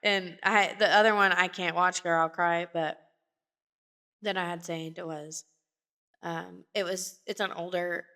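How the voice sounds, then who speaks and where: A woman's voice: fairly low pitch, steady tone, a little slow, bright, forceful tone. A woman co-hosting a podcast, chatting casually and retelling stories with lots of fillers and restarts. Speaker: podcast co-host. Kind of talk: casual chat.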